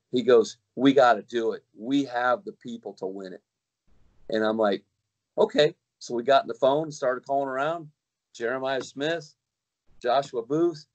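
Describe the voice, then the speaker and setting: A middle-aged man, a kayak fishing guide, telling a long story in casual chat with many restarts and acted-out quotes. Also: mid-range voice.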